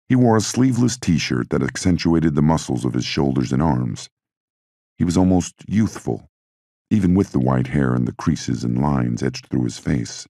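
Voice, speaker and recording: A man giving measured, scripted audiobook narration into a close mic. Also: rumbling low, gravelly, darkish tone, dry recording.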